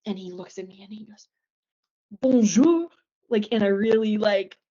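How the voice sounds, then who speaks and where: A woman's voice: mid-range voice, flat delivery, a little fast, warm tone. Chatty young woman on dull lo-fi audio. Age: young adult. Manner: chatty, self-deprecating, many fillers. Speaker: guest. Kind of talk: casual podcast chat over a call.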